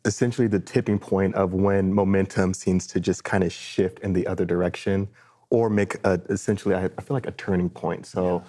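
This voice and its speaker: A man co-hosting a podcast, explaining ideas in a thoughtful, halting way. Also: deep voice, steady tone, mellow. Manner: thoughtful, halting, restarts phrases. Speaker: podcast co-host. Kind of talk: casual market discussion.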